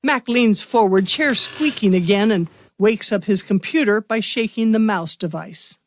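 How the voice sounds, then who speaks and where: A woman hosting a podcast, giving measured scripted narration for a radio-theater mystery. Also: medium pitch, slight background noise.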